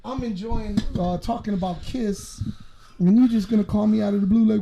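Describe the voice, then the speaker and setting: Gravelly high-voiced man, blunt and profane. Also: a little fast. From Southwest Detroit. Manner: profane, blunt, animated storytelling. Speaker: podcast co-host. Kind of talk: casual podcast chat.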